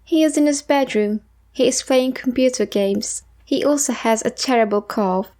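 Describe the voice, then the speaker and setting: A woman's voice: on the high side, moderate pace, warm tone, close to an everyday voice. A woman voicing a patient, caring mother who soothes and calls others honey.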